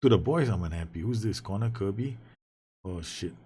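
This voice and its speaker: A man's voice: fairly low pitch, lively intonation, normal speed, dark tone, slight background noise. A man giving casual commentary on a football management game, talking to his players, swearing and laughing as the match swings. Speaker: gaming YouTuber. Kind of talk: casual Let's Play commentary.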